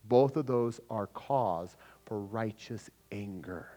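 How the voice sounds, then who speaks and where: A man preaching a sermon to his church, swinging between loud emphatic lines and low quiet ones. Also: slow pace. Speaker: pastor. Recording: long hall reverb.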